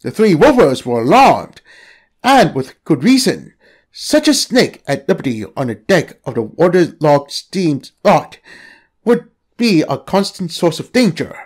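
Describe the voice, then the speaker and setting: Expressive male narrator with a lively voice. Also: a little high, measured pace. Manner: expressive storytelling read. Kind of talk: scripted narration.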